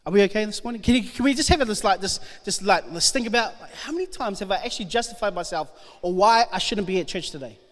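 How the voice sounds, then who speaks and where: A man delivers a sermon with a notably high voice, reading a Bible story and playing out its speakers. His words ring through a church hall with a long, lingering reverb. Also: fast talker, hardly any pauses. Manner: animated, acts out the Bible figures' lines. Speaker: preacher. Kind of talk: sermon reading scripture aloud.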